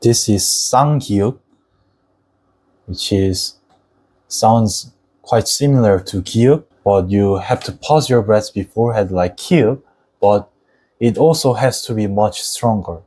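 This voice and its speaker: A man's voice: fairly low pitch, dark tone, slightly rough, low-quality recording. A young man whose first language is Korean, patiently explaining the Korean alphabet in a lesson. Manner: patient, deliberate, models Korean words slowly.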